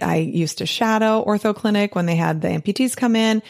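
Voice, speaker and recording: A woman's voice: medium pitch, a little fast, vocal fry, a little mellow, dry recording, clean studio sound. A middle-aged woman hosting her own podcast, talking casually and animatedly, pleading playfully with her listeners. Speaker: podcast host and physician coach. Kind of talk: casual solo podcast talk.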